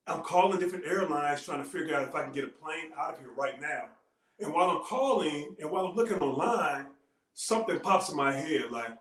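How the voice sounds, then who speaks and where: A man giving a heartfelt motivational talk, telling a personal story with earnest, dramatic pauses. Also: on the high side, a bit bright. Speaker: motivational speaker. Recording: roomy echo.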